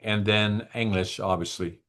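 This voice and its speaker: An older man from the northeastern Netherlands with a Dutch accent, a native Dutch speaker talking as a guest in an interview, deliberate and halting, with restarts. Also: on the low side, steady tone, fairly bright tone. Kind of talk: interview conversation.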